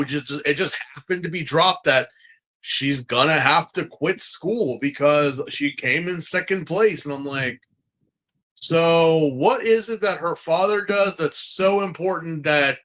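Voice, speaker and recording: Here a podcast co-host speaks with a higher-leaning voice that sounds pushed and bright. He chats loosely, wandering off with lots of filler words and false starts.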